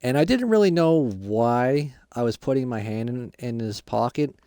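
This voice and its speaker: A gruff, middle-aged dad just out of prison, as a man puts him on, speaking much lower than the performer's own voice. He rambles on and brags as he tells his stories, with a gravelly edge. The sound is dry and close. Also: animated, moderate pace, warm tone, no echo, lightly acted. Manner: boastful, rambling storyteller.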